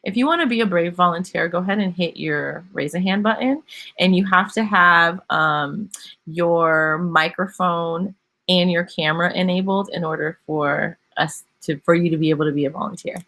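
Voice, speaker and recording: A woman leads a live online singing lesson in a bright, clear voice. She keeps things upbeat, laughs often and breaks into sung demonstration notes as she explains. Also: lowish voice, moderate pace. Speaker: singing teacher.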